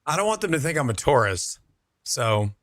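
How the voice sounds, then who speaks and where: A man's voice: medium pitch, very animated, moderate pace, a bit bright, no echo, studio quality. A young man streaming a game, chatting casually with his viewers and answering their messages. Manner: chatty, reads out and answers chat, laid-back. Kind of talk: casual chat with viewers while gaming.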